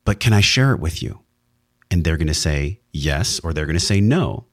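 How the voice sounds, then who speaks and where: A man's voice: a bass voice, lively intonation, moderate pace, a bit bright, dry recording, studio quality. A man hosting a wellness podcast, speaking in an earnest, heartfelt monologue with emphatic, sometimes profane emphasis. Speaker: podcast host.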